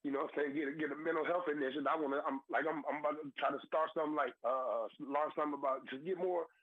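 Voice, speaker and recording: A man's voice: fairly high pitch, fairly even intonation, racing, no echo. A man in his thirties, a former football player, calling in as a guest on a radio show. He talks in an emotional, earnest way, is close to tears and repeats himself. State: tearful. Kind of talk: phone-in radio interview. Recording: tinny phone line.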